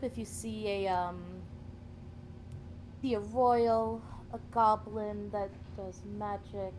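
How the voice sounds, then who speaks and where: A woman player in a tabletop game, speaking in character, casual and unhurried. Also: medium pitch, background noise. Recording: clear music underneath.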